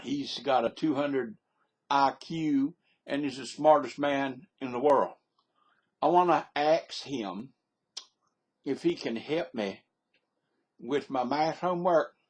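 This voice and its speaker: A man's voice: medium pitch, slow, pauses often, husky. A man with an American Southern accent, rambling folksily through a casual monologue into a webcam microphone. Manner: folksy and rambling, with repeated catchphrases. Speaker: vlogger.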